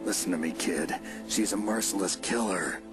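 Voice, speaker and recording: An actor playing a hardened, blunt soldier who speaks in curt, commanding lines in a video game. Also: male voice, low-pitched, normal speed, natural voice. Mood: stern. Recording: game audio over music.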